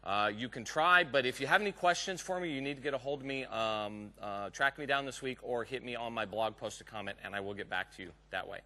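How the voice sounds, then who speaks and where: A man's voice: medium pitch, fairly quick, few pauses, pushed and bright. A man from Texas with a Southern accent gives a live technical conference talk, chatty and joking with the audience in the room. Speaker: conference speaker.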